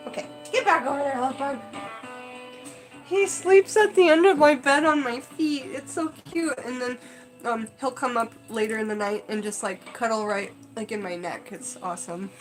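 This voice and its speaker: Chatty woman with a slightly high voice. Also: moderate pace, soft background music, poor audio. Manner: rambling, chatty, many fillers. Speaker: livestream host. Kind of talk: casual live stream chat.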